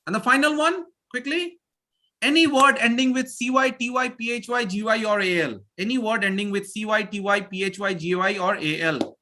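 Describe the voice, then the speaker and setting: Emphatic Indian English teacher, high bright voice. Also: male voice, moderate pace. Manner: emphatic, repeats words and phrases while drilling pronunciation. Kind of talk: live online English lesson.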